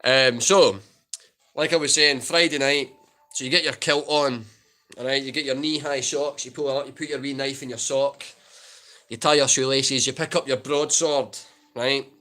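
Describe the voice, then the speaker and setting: Chatty Scottish man, bright voice. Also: mid-range voice, steady tone, moderate pace. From Scotland. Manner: joking, chatty, reads and answers viewer comments. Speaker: livestream host answering chat. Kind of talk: casual livestream Q&A.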